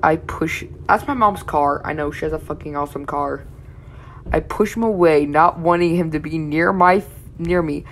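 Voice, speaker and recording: A woman's voice: deep voice, normal speed, a little hiss or hum. A young woman reading fan fiction aloud with blunt, swear-heavy running commentary. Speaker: reaction channel host.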